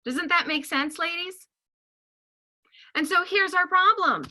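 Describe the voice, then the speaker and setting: A woman counselor giving a casual talk to a group of women, chatty and animated, laughing often and checking in with "okay?" and "right?". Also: very high voice, slow. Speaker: licensed counselor.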